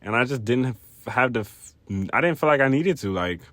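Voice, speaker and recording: A young man telling a personal story in a casual vlog, rambling, animated and profane. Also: medium pitch, a little fast, noisy background. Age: young adult. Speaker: vlogger.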